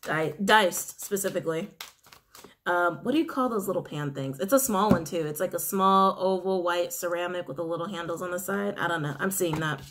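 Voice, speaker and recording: A woman's voice: on the low side, fairly quick, fairly bright tone, slight background noise. A woman giving a casual tarot reading, musing aloud and repeating her phrases. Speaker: tarot reader.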